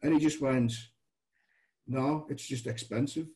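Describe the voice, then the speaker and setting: A middle-aged British man tells a story in a relaxed, mellow voice. He rambles, starts over, and slips into the voices of the people he quotes. His pitch sits in a normal male range. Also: measured pace, rough recording. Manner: chatty, restarts, animated quoted dialogue. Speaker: guest telling stories. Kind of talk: casual anecdotal storytelling.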